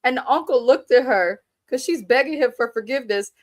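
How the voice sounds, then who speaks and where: A woman in her thirties from Kenya hosts a live TV recap and tells the story in a lively, laughing, blunt way that is often profane. Her voice sits high. The recording is close and dry, with no room sound. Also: brisk, dry recording. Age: 30s. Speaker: show recap host.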